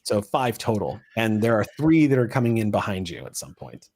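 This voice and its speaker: A man's voice: lowish voice, very animated, fairly quick, darkish tone. A man running a tabletop role-playing game, narrating scenes and explaining the rules with plenty of fillers. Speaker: game master.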